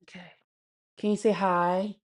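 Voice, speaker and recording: A woman's voice: lowish voice, little pitch movement, a little slow. A woman hosting a casual livestream from home, blunt and profane, often laughing as she talks to her viewers and her pet. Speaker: livestream host.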